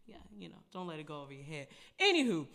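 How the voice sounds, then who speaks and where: Lively woman preaching to her listeners. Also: sits low, fast talker, creaky. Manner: animated, preachy, addresses listeners as y'all. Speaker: podcast host. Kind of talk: casual faith talk.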